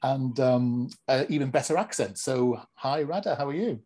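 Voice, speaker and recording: A man's voice: mid-range voice, moderate pace, dark tone. A man hosting a podcast interview, chatty and teasing, often restarting his questions. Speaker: podcast host.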